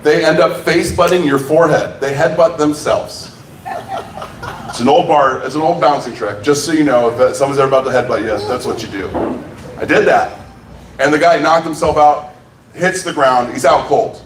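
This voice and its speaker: A man's voice: fairly high pitch, normal speed, distant mic, slight background noise. A man hosting an open mic and telling a story in a loose stand-up style, acting out the people in it and laughing along. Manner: loose, laughing, acts out quotes. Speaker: open mic host and comedian. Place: bar comedy room. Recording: echoey room, mic heard from afar.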